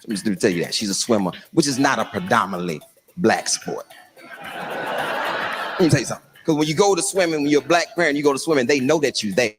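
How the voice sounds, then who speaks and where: A middle-aged man telling stand-up comedy stories in a lively, punchy way. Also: medium pitch, quick pace, music in the background.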